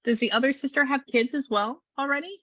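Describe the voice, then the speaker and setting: Bright-voiced woman medium, casual and chatty in a reading, dry close audio that is slightly dull. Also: high voice, fast, no room sound. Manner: chatty, animated, relays a spirit's words in quotes. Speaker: spiritual medium. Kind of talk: casual reading session with a client.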